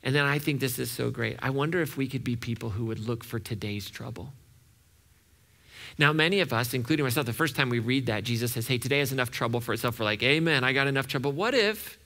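A man preaching a sermon as pastor, animated and acting out the voices he quotes. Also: mid-range voice, fast talker, gravelly.

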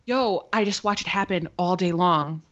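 A woman co-hosting a podcast, telling stories in casual chat with lots of swearing and climbing pitch when she gets indignant. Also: normal speed, a bit bright, dull audio. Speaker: podcast co-host.

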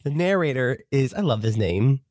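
A man's voice: mid-range voice, expressive, moderate pace, a little mellow, dry recording, studio quality. A man co-hosting a podcast in casual chat, sick with bronchitis and chuckling as he teases. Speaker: podcast co-host. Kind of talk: casual chat about audiobooks.

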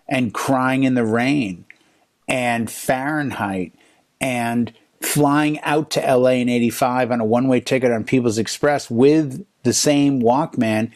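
A man in his fifties, a DJ, telling a string of stories in a relaxed chat. His pitch sits in a middle range, and he gets animated as he acts out what other people said. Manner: animated storyteller, voices other people's lines in quotes. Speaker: DJ and podcast co-host. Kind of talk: casual chat.

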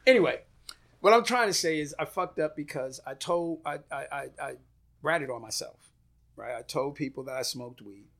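A middle-aged former boxer with a notably high-pitched voice tells stories. He is animated and profane, and he acts out the voices of people he quotes. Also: moderate pace. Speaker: retired boxer, guest. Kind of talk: casual storytelling. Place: room above a shop.

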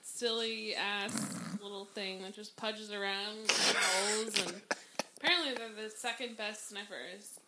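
A woman co-hosting a casual podcast chat, animated and quick to laugh, swearing freely. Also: mid-range voice, over a noisy crowd, poor audio. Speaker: podcast co-host.

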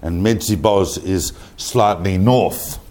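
Low-voiced man giving a lively history lecture. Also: slow pace. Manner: animated storytelling with asides to the audience; conversational, with frequent fillers and repetitions.

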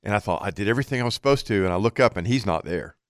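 A man's voice: on the low side, rapid-fire, dry recording, studio quality. A man telling a hunting story in casual chat, acting out what he and his buddy said. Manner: animated storyteller, quotes himself and others.

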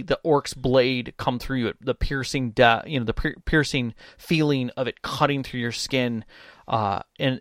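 A man in casual conversation about tabletop gaming, his talk full of ums and restarts as he works through stories. His voice sits at an ordinary middle pitch, recorded close and dry with no room sound. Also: no echo. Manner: rambling, halting with many fillers and restarts. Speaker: tabletop game podcast co-host. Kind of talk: casual chat.

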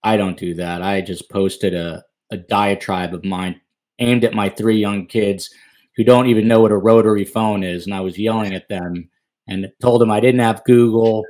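A man's voice: lowish voice, steady tone, normal speed, darkish tone. A man hosting a podcast interview, chatty with jokey asides. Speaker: podcast host.

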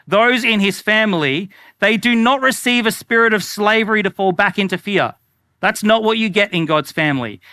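A man's voice: sits high, normal speed, sharp tone, no echo. A man preaching an earnest, conversational sermon as a pastor, repeating phrases for emphasis.

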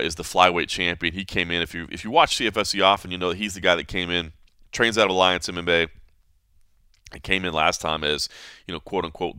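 A man hosting a podcast, telling a story in a casual, animated way, full of fillers like "man" and "you know", acting out the people he quotes. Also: deep voice, clear, resonant tone, no echo, clean studio sound. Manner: animated storyteller who acts out quoted voices. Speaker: podcast host.

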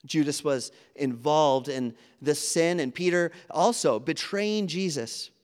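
Taking his time, a man with a fairly high voice preaches earnestly and conversationally, acting out quoted dialogue along the way. He's in a church sanctuary, and long hall reverb fills the recording.

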